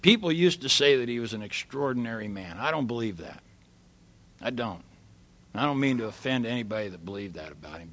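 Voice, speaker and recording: A man's voice: lowish voice, a bit bright. A middle-aged man telling personal stories as a speaker at a recovery meeting, in a folksy manner with casual swearing and a habit of asking "right?". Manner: folksy, swears freely, tags lines with "right?". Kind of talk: personal storytelling talk.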